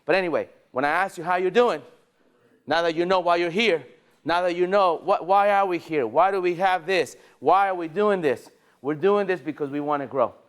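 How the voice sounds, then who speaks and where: A man leading a sales training session at a dealership, energetic and rallying, firing questions at the staff in the room. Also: high voice, normal speed, smooth.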